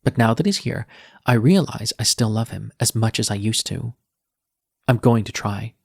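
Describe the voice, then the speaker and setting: Gravelly, husky male audiobook narrator. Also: lowish voice, normal speed, no room sound, studio quality. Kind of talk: first-person audiobook narration.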